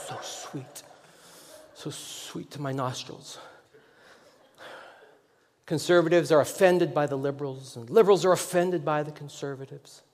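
Rambling storytelling pastor in echoing hall. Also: male voice, on the high side, a little mellow. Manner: rambling, self-deprecating storytelling with many restarts. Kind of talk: sermon. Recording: long echoing hall reverb.

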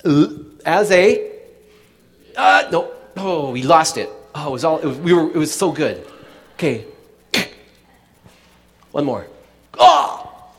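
A man's voice: a little high, expressive, unhurried, pauses often, slightly rough, long reverb tail. A man preaching a sermon in a chatty way, with many restarts and asides to the congregation. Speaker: pastor.

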